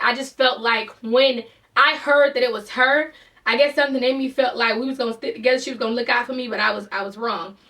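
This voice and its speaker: Bright high-voiced woman telling a story. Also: distant mic. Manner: animated, exasperated storytelling with lots of fillers. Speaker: vlogger. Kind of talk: casual storytime.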